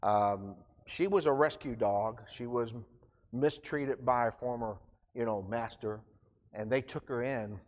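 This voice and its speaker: A man's voice: mid-range voice, unhurried. A middle-aged man giving an informal, emotional sermon in church, choked up and rambling with restarts. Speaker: preacher. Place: church hall. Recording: long church reverb.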